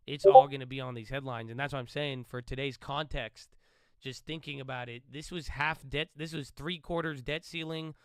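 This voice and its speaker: A man's voice: mid-range voice, smooth, no echo. A man hosting a live trading stream, giving loose, chatty market commentary and calling listeners bro. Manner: says he tends to sound loud and yelling.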